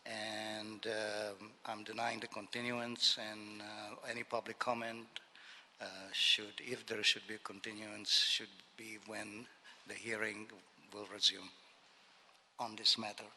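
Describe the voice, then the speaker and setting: A man giving brief public comment as a resident, halting and hesitant. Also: lowish voice, little pitch movement, sharp tone, a little hiss or hum.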